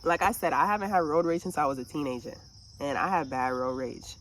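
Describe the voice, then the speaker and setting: A woman venting in a casual monologue, telling a story with lots of swearing and animated asides. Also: low-pitched, a little fast, slight background noise. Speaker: vlogger.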